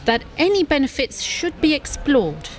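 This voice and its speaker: A woman delivering a sports news report in a crisp, informative broadcast manner. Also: high-pitched, very animated, normal speed, a little hiss or hum.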